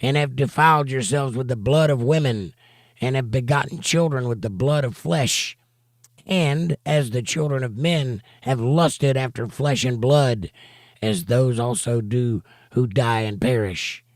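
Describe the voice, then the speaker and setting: Bible study teacher, male, mid-pitched voice, reads passages then comments emphatically, dry close sound. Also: a little slow, dry recording. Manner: emphatic, rhetorical asides between readings. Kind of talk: reading scripture aloud with commentary. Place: home studio for a livestream.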